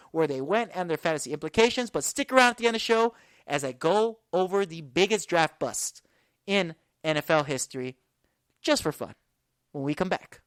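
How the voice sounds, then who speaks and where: A woman's voice: sits low, no room sound. A woman in her twenties hosting a sports podcast, talking casually and rambling with fillers. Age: 20s. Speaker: podcast host.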